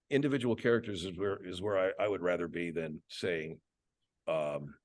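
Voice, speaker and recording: A man's voice: deep voice, animated, normal speed, a little mellow, dry recording, studio quality. A man, a guest voice actor, chatting thoughtfully in an interview and slipping into character voices. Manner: reflective, many restarts, slips in voices. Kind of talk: casual interview chat.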